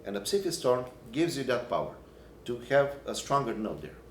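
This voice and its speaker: A man teaching a Byzantine chant class, explaining in halting phrases and breaking into short sung examples. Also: mid-range voice, sing-song, a little hiss or hum. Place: church hall or classroom. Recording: echoey room, recorded from a distance.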